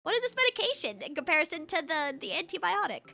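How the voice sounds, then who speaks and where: Bubbly high-voiced young woman streamer. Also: big pitch swings, fast talker, creaky, sharp tone, faint music behind. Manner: rambling, frequent fillers and repeated restarts. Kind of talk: casual livestream chat.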